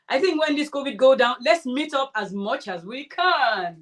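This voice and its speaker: A woman hosting a crafting livestream, chatting casually and warmly answering her viewers' comments. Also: high voice, lively intonation, normal speed, hardly any pauses. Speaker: crafting channel host.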